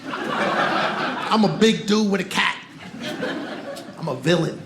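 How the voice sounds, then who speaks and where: A man in his forties performs stand-up in a comedy club, his voice sitting high and his delivery slow. He trades punchy banter and riffs aimed at the crowd. The live club sounds roomy, with loud crowd noise.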